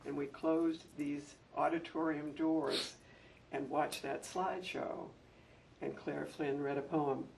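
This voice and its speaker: A former school head, now older, reminisces at a public event, speaking slowly in a gravelly, somewhat high voice. His heartfelt stories become animated whenever he acts out an anecdote. The mic sits far from him and catches a faint background hum.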